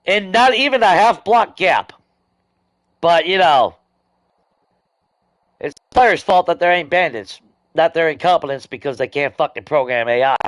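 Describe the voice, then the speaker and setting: Brief: young adult male gamer, furious swearing rant, lively swinging pitch, slightly high voice. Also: moderate pace, long pauses, no echo. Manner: angry ranting, heavy swearing. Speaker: gaming streamer. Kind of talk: live gameplay stream commentary.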